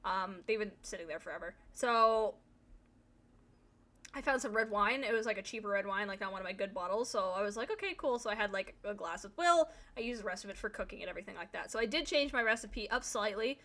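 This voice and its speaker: A woman's voice: mid-range voice, quick pace, pushed and bright. A young woman streamer chatting casually, telling a rambling story full of fillers and swearing. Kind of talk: casual chat while streaming a game.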